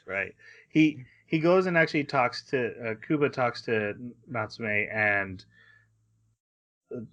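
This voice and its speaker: Man, podcast co-host, bright voice, casual rambling recap, laughs between lines. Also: mid-range voice, expressive, slow pace, lo-fi sound. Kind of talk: casual anime recap chat.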